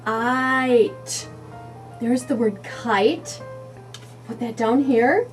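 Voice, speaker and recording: A woman teaching young children to read, sounding out letters and words slowly and encouragingly. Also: fairly high pitch, expressive, a little mellow, distant mic, faint music behind. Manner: slow, sing-song, sounding out letters. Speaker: early reading teacher. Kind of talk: children's phonics lesson.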